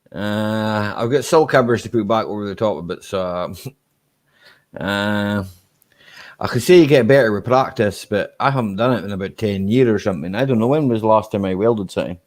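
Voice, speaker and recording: A Scottish man hosting a casual live-stream chat, relaxed and chatty, laughing easily and tagging his sentences with "eh?". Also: fairly low pitch, normal speed. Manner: relaxed and chatty, ends lines with "eh?".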